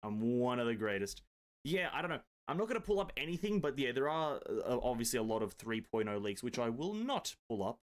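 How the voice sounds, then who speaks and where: A man's voice: medium pitch, sing-song, brisk, few pauses. Guy on a game stream at his desk, chatty, reads out chat, jokey and swears a bit. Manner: chatty, reads out and answers viewer comments. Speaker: gaming streamer. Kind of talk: casual live-stream chat. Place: home desk setup.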